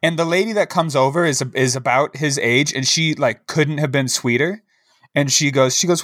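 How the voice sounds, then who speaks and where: A podcast co-host with a fairly bright voice on the high side tells a rambling story at normal speed, chatting casually with plenty of fillers and a wry tone. The recording is dry with clean studio sound.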